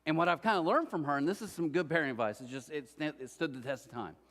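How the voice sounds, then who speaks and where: Middle-aged male pastor, higher voice, animated storyteller, long church-hall reverb. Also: quick pace. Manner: lively storyteller, acts out quoted voices. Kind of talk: sermon.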